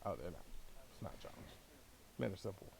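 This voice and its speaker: A man's voice: sits low, sing-song, quick pace, vocal fry, a little mellow, slight background noise. A man co-hosting a casual podcast, with blunt, sassy remarks and dry asides. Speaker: podcast co-host. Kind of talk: casual chat.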